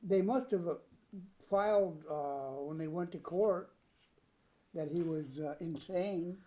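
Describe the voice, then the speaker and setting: A man's voice: on the high side, slow pace, mellow, muffled recording. A man co-hosting a casual comedy podcast, mostly reacting with short questions and comments. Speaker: podcast co-host.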